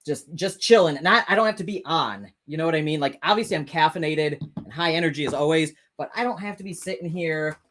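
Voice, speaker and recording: A man's voice: fairly high pitch, quick pace, few pauses, a bit bright, a little hiss or hum, poor audio. A man hosting a casual live stream, chatting loosely with viewers, stumbling over words and swearing freely. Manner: rambling, self-correcting, swears casually. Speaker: livestream host. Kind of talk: casual live chat reading comments.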